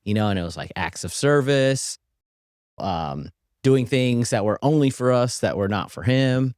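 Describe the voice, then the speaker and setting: A man's voice: medium pitch, lively intonation, unhurried, a little mellow, clean tone, dry recording, studio quality. A man hosting a podcast, affirming and encouraging his guest in a candid conversation and reflecting back what he hears. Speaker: podcast host.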